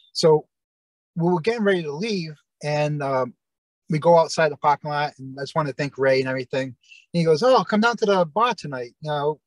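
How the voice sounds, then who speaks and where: A man's voice: fairly high pitch, no room sound, low-quality recording. A man, a guest in an interview, telling a long story in a rambling way with many fillers and restarts, acting out other people's lines.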